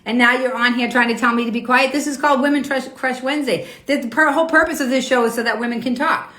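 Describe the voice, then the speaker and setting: A woman's voice: high-pitched, steady tone, fast, sharp tone. A woman hosting a live online talk show, arguing with her viewers in a confrontational, profane, indignant way. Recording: roomy echo.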